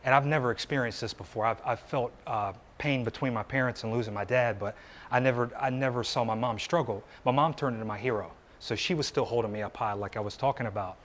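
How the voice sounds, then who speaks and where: A man's voice: mid-range voice, fast, a bit bright. A man in his thirties gives a personal story speech to a live audience at an indoor meetup, earnest and conversational, asking the crowd rhetorical questions. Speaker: motivational speaker.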